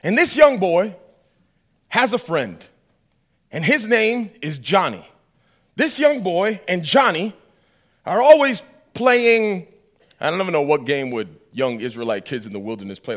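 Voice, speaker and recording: A man's voice: high-pitched, sharp tone. A man preaching a sermon, telling a story with acted-out dialogue and asking the audience questions.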